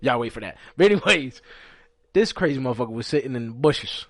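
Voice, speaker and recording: A man hosting a podcast, telling a story in a casual, profane, animated way and loudly acting out what people said. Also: mid-range voice, fast, no echo. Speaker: podcast host.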